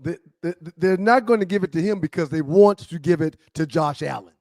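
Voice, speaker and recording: A man co-hosting a casual sports talk show, chiming in with quick agreement and stumbling restarts. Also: fairly high pitch, a little mellow, no echo.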